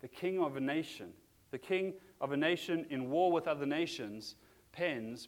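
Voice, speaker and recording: A man's voice: on the high side, moderate pace. A man preaching a sermon as a pastor, talking in an earnest, conversational way with frequent restarts.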